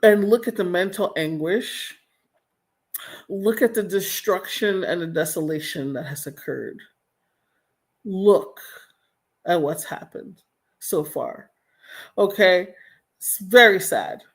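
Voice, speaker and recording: A woman's voice: lowish voice, slow, pauses often. Blunt, exasperated woman streamer. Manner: blunt, exasperated, swears freely. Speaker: livestream host. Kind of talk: casual commentary reading chat. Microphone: home streaming mic.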